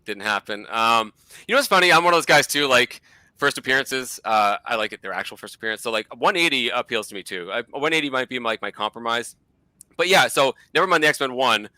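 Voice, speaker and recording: A man with a Boston accent talks at a quick clip in a relaxed interview, rambling from point to point with many fillers. His voice is very bright and cutting, and the recording is dry and close. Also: medium pitch, dry recording. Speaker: guest collector. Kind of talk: casual chat.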